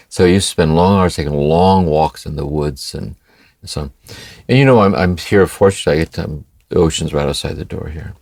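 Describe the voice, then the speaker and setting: A man's voice: rumbling low, a little fast, gravelly, a little mellow, no room sound, studio quality. An older man, co-host of a spiritual podcast, talking in a meditative, reflective way and often asking "see?". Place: home by the ocean.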